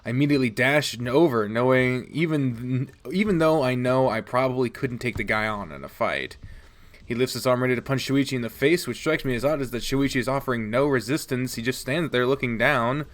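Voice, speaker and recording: A young man hosting a let's play, reading a visual novel aloud with animated, cursing reactions. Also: medium pitch, fairly quick. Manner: animated, swearing, laughs at names.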